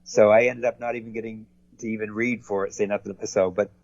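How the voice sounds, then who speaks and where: A man's voice: on the low side, flat delivery, fast, darkish tone, no echo. A man who is an actor and producer, chatting as a guest in an interview in a rambling, folksy way, on a dull lo-fi recording. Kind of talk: casual interview chat.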